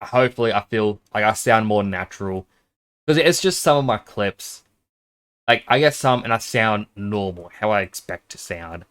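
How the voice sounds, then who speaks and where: A man's voice: on the low side, fairly bright tone, clean tone. Man streaming from home: loose, rambling chat, a bit shy, tries out whispering on his microphone. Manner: rambling, self-conscious, tests whispering at the mic. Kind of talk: casual game-stream chat.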